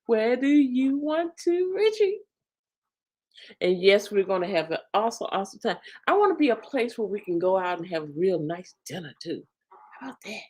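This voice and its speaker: A woman hosting a casual live stream, chatting with her viewers in a lively, talkative way and laughing often. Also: on the low side, quick pace, slightly rough. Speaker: livestream host.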